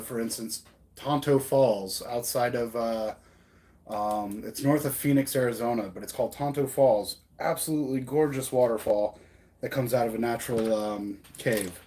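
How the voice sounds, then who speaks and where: A man's voice: mid-range voice, warm tone. A man with an American accent, hosting a stream and talking in a rambling, casual way with lots of fillers. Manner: rambling, filler-heavy, chatty. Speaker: streamer host. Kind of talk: casual chat.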